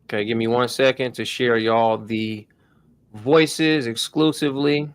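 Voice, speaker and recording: A man's voice: mid-range voice, fairly even intonation, measured pace, clear, resonant tone, no room sound. A man hosting a casual tech tutorial stream, talking loosely in slang to his viewers. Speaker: host.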